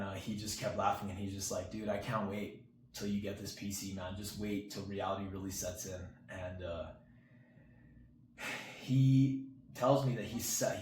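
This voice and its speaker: A young man hosting his channel tells viewers a personal story, rambling casually, packing in fillers and acting out what his friend said. His low-ish voice has a darkish tone, with roomy echo and faint background hiss.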